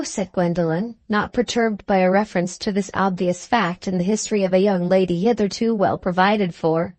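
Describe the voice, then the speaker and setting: With a mid-range voice, a woman reads a classic novel for an audiobook, keeping her storytelling even and measured. No room sound is audible.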